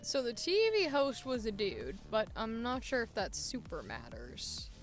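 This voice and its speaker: A woman's voice: on the high side, wildly swooping pitch, a little slow, soft background music. A woman voice actor chatting casually while preparing auditions, thinking aloud and interrupting herself. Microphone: headphones monitoring at a home recording setup.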